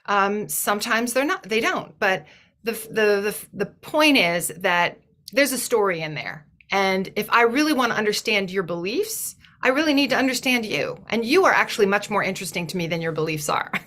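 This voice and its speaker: A woman's voice: mid-range voice, animated, moderate pace, a bit bright. A woman giving a thoughtful, earnest talk in a webinar, often restarting her phrases as she works through an idea. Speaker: webinar guest speaker.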